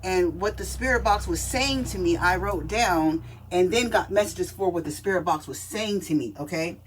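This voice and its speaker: A woman's voice: on the low side, moderate pace, slight background noise. A woman talking casually to camera as a spiritual reader, chatty and emphatic, often checking in with the listener. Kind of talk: casual spiritual reading video.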